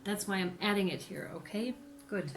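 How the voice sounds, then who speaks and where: Woman, tarot reader, casual reading, excitable, laughs a lot, swears. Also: mid-range voice, normal speed, very noisy.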